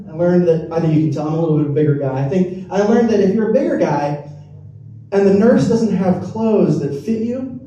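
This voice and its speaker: A man's voice: high-pitched, warm tone, lo-fi sound. A young man doing a rambling, self-deprecating stand-up set on a comedy club stage. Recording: roomy, distant club recording. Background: audience laughter.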